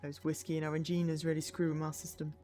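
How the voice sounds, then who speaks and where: A woman's voice: sits low, level tone, fast, dark tone, faint music behind, voice pushed down, lightly acted. A woman voicing a drunk, rambling male musician riding in a cab, mumbling his words. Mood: tipsy rambling.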